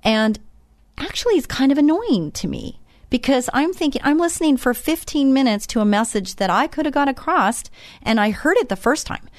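A woman's voice: sits high, animated, no echo. Chatty woman hosting a faith radio show. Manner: chatty, self-described fast talker, asides to listeners.

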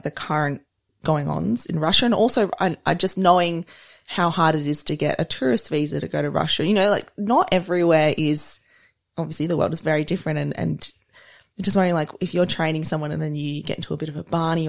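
A woman's voice: low-pitched, fairly quick, vocal fry. A woman hosting an interview, thinking aloud as she asks long, winding questions.

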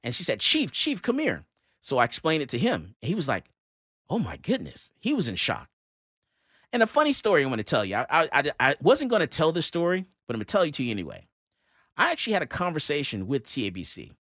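A man hosts a talk radio show, recorded dry and close in the studio. His pitch rises and falls a lot as he tells his story, full of fillers and restarts. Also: huge pitch swings, fast, fairly bright tone, no room sound. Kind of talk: casual talk-radio monologue.

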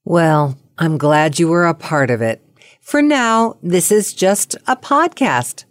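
Middle-aged woman podcast host, lower voice, dry close sound, chatty and teasing. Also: animated, slow, no room sound. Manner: chatty, playful, self-conscious, laughs often. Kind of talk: casual cold-call podcast chat.

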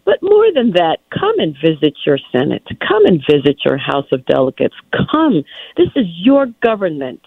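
A woman's voice: low-pitched, moderate pace, gravelly, slightly rough, no room sound. A woman phones in to a political radio show, speaking emphatically and with plenty of animation. Her voice comes through a narrow, tinny phone line. The sound is dry and close. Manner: emphatic, animated, preacherly calls to action. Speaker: lieutenant governor, guest.

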